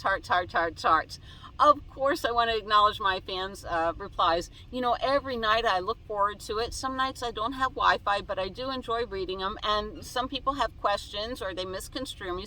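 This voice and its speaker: A woman vlogger chats casually inside her van, reading viewer comments aloud and answering each one. Her mid-range voice is bright with a forceful tone, on a low-quality recording.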